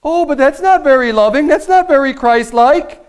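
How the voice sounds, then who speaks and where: A preacher mimicking a whiny offended churchgoer. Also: male voice, high-pitched, rapid-fire, a bit bright, smooth, pitched above the performer's own voice. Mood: mocking. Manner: mocking, sarcastic. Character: whiny offended churchgoer, adult man, easily upset.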